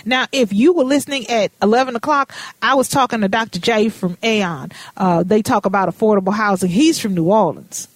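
A woman's voice: medium pitch, a little fast, hardly any pauses, dry recording. A woman hosting a radio talk show, chatting casually with folksy turns of phrase.

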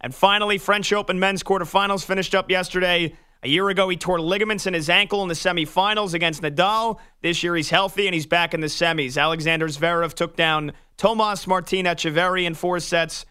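A man reading a sports news update on a radio show in a crisp newsreader style. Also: high voice, fairly even intonation, bright, forceful tone. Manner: crisp, brisk newsreader delivery. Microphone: studio microphone.

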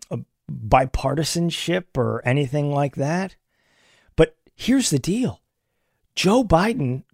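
A man giving opinionated political commentary in an animated way, with many restarts. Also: medium pitch, no room sound, clean studio sound.

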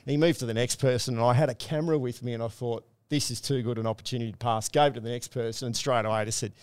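A man's voice: mid-range voice, very fast, smooth, no room sound, studio quality. A middle-aged Australian man hosting a racing podcast, telling stories and bantering casually with his guests. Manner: chatty storyteller, relaxed banter. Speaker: podcast host. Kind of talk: casual chat.

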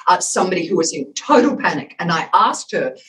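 A woman's voice: fairly low pitch, big pitch swings, a little fast, a bit bright, a little hiss or hum, rough recording. A woman, a communications expert, explaining with emphasis in a podcast interview and acting out voice examples as she talks. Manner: emphatic, demonstrative, acts out voice examples.

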